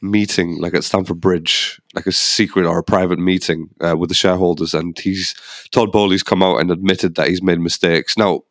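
Low voiced guy on a football podcast, says things twice, dry sound. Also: fairly even intonation, normal speed, dry recording. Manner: emphatic, repeats himself. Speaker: podcast co-host. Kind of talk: casual sports chat.

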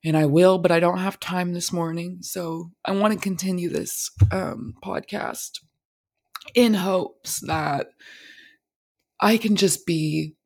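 A woman's voice: lowish voice, steady tone, takes it slowly, darkish tone. A young woman hosting a podcast, speaking candidly and emotionally in a personal monologue, swearing freely. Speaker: podcast host.

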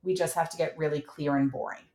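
Clear-spoken woman parenting coach, echoey room. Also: sits low, fairly even intonation, dark tone. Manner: clear, instructive, measured. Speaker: parenting coach and podcast host. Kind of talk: coaching conversation.

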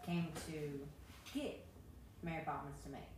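Low-voiced woman, far off in an echoey room. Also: a little slow, a little mellow. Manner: dry comebacks, fond of her list. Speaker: podcast co-host. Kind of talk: casual chat. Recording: very echoey room, off-mic, faint noise.

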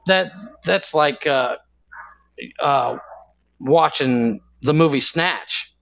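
A man's voice: a little high, very slow, vocal fry, a bit bright, no room sound. A man co-hosting a podcast in casual chat, rambling with many restarts and searching for words. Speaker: podcast co-host.

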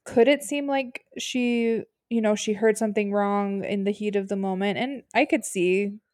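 Brief: relaxed woman co-host, mid pitch, muses aloud, dry close mic. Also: moderate pace, no echo. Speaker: podcast co-host. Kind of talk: casual recap chat.

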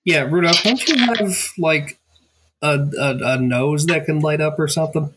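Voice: medium pitch, moderate pace. Hesitant player in a noisy recording. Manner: hesitant, filler-heavy. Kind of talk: casual tabletop game chat.

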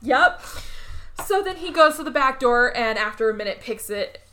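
A woman's voice: on the high side, moderate pace. A woman co-hosting a casual chat, recapping a movie with lots of acted-out voices. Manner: animated, acts out characters' lines. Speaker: podcast co-host recapping a movie.

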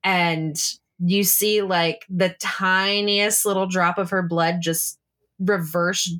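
A woman's voice: fairly low pitch, steady tone, slow, a bit bright. A woman playing a tabletop role-play game, describing her character's actions in a rambling, casual way with swearing. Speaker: player.

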